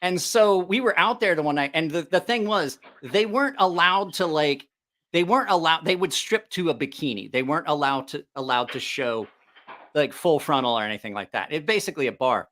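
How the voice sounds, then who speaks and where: A man's voice: fairly high pitch, animated, fairly quick, fairly bright tone. A middle-aged man hosting a live stream, telling a rambling, profane story with lots of laughter. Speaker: livestream host.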